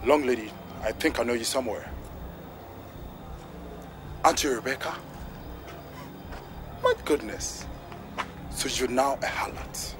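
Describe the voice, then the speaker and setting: A man's voice: medium pitch, unhurried, pauses often, noisy background, close to an everyday voice. An actor playing an angry Ghanaian man who curses and threatens a young woman. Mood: scornful. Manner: harsh, threatening, cursing.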